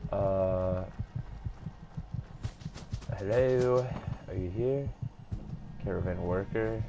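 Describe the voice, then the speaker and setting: Dude doing let's play commentary, low voice, slow, cusses a lot, game noise behind. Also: male voice. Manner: excitable, swears a lot. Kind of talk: gameplay commentary. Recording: game audio and gunfire behind.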